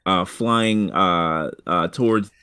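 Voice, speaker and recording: A man narrating a tabletop game as game master, halting, with many fillers and restarts. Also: low voice, pushed and bright, clear, resonant tone.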